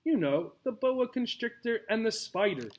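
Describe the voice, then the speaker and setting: A man voicing a slow, dim-witted male corn snake, talking in a drawn-out sing-song. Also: high voice, very animated, voice pushed up. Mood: friendly.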